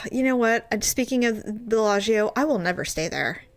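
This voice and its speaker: A middle-aged woman co-hosts a podcast, animatedly telling a story in casual chat, full of quoted asides and laughter. Her voice is fairly high, expressive, and moderately paced.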